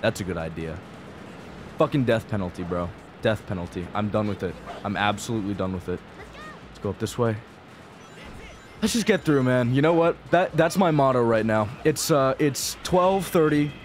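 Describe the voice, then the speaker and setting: A man's voice: medium pitch, animated, moderate pace, a little hiss or hum. A young man giving casual, profane gameplay commentary as a video creator, rambling and frustrated, dropping to mutters and then bursting out. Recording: faint game music behind.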